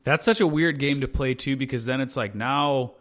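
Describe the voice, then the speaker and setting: A man hosting a casual podcast chat, reacting with profane quick quips and laughing along with his guest. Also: medium pitch, a bit bright. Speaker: podcast host.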